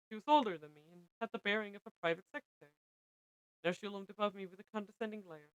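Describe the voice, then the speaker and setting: A young woman streaming, reading a visual novel aloud with expressive narration. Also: medium pitch, quick pace, no echo, lo-fi sound. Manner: expressive narration, breaks into laughter.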